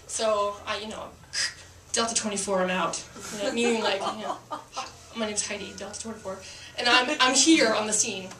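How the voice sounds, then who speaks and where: A woman's voice: mid-range voice, normal speed, reverberant, far from the mic, a crowd in the background. A woman who is a police officer telling a story to a live audience, chatty and self-mocking with lots of fillers.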